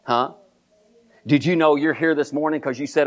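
A man's voice: on the high side, steady tone, normal speed, long pauses, highs cut off. An older man, preaching a sermon as pastor, repeating lines and calling the congregation to say them with him, often restarting his sentences. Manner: repetitive call-and-response preaching with many restarts.

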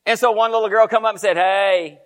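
A man with a Texan accent preaching a sermon, telling the story with animated delivery, putting questions to the congregation. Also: high voice, rapid-fire, a little hiss or hum.

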